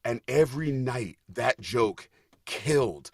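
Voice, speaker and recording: A man guest on a casual podcast chat, telling lively stories, acting out quotes and laughing often. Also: mid-range voice, slow pace, gravelly, slightly rough, no echo, studio quality. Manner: animated storyteller, acts out quotes, laughs often. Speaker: Broadway actor guest.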